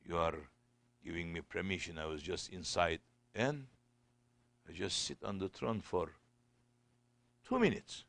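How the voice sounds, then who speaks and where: A preacher voicing a wise holy fool, low and slow. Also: male voice, gravelly, a bit bright, no echo, heavily acted. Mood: lamenting.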